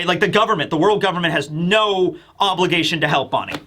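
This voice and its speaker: An animated male host gives casual manga commentary, often laughing as he acts out scenes. His voice sits high and sounds bright and sharp. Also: fast talker, hardly any pauses.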